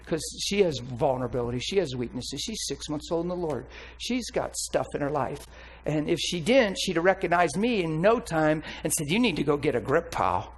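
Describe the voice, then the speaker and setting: A man preaching a candid, blunt personal testimony with animated storytelling. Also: fairly high pitch, moderate pace, few pauses, slight background noise, rough recording. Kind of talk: sermon testimony.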